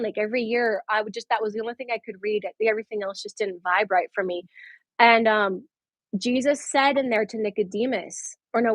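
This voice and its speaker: Brief: female guest, 30s, higher-pitched, animated storyteller who laughs a lot. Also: dry recording, rough recording. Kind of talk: casual conversation.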